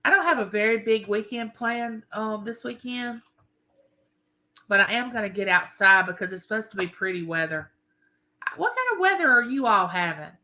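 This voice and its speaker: Older woman, live-stream host, bright, rambling and chatty. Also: a little high, expressive, normal speed, rough recording. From Mississippi. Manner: friendly, greets viewers by name, rambling.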